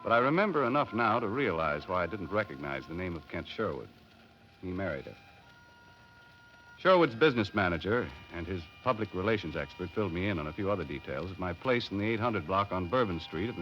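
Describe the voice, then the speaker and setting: A man's voice: low voice, animated, fairly quick, faint music behind. An actor playing a laid-back boat captain who narrates his own story, in a 1950s radio drama with an old, dull broadcast sound. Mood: calm. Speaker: narrator and lead character.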